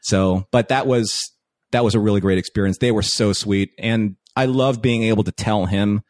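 A man telling a story as a podcast guest in casual chat, animated, acting out quoted lines. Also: lowish voice, normal speed, no room sound, clean studio sound. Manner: animated, excitable anecdote-telling with acted-out quotes.

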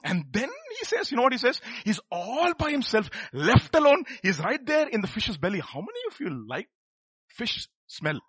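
Male preacher, bright husky voice, quizzes the congregation, dry close sound. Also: high-pitched, big pitch swings, moderate pace, no room sound. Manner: emphatic, quizzes the congregation with rhetorical questions. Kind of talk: sermon.

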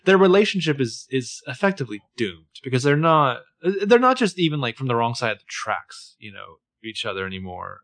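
A man's voice: mid-range voice, big pitch swings, a little fast, few pauses, fairly bright tone, no room sound. A young man co-hosting a casual chat about a TV episode, with hedging, jokey commentary. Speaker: podcast co-host recapping a TV show.

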